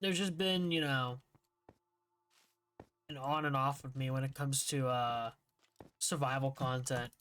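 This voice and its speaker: A man's voice: mid-range voice, steady tone, unhurried, long pauses, a bit bright, slight background noise. A young man streaming a game, chatting casually, rambling and swearing often as he gets frustrated. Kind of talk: casual gaming livestream chat.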